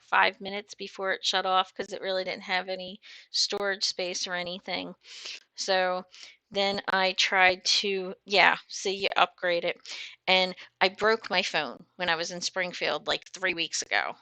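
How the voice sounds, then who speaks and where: A woman's voice: medium pitch, bright, forceful tone, no room sound. A woman trucker chatting casually on a livestream, reading viewer comments aloud, bubbly and full of fillers and laughs. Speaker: trucker hosting a live chat.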